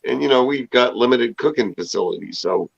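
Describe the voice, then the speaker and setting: A man's voice: mid-range voice, lively intonation, fairly quick, vocal fry. A man in casual chat, easygoing and enthusiastic as he talks about food, heard on a dull lo-fi recording. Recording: dull lo-fi sound.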